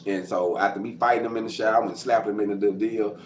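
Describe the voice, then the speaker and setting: A man tells his own story in a loose, conversational way. He performs the voices of other people and bursts into loud sound effects. The room is echoey, with a faint hum of noise behind him. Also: fairly low pitch, fast. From Arkansas. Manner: animated, acts out quotes and sound effects, gets loud. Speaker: host telling his life story. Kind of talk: casual storytelling to camera. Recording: roomy with faint background noise.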